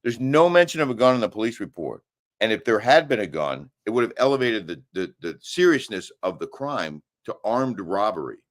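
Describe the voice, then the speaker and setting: Middle-aged male co-host, very low voice, casual live-chat delivery with emphatic argumentative bursts. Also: very animated, brisk. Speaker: co-host of a live daily show. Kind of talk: casual live-stream chat, reading comments. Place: hotel room.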